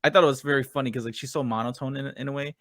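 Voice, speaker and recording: A man hosting a casual podcast interview, talking in a halting way with many fillers and restarts. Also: mid-range voice, steady tone, fairly bright tone, no echo, studio quality. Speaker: podcast host.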